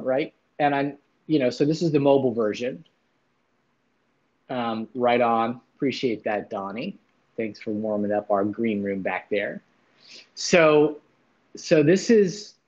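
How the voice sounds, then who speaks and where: A man's voice: mid-range voice, unhurried, pauses often, a little mellow, muffled recording. A man hosting a casual livestream, chatting loosely with viewers, swearing now and then and greeting chatters by name. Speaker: livestream host.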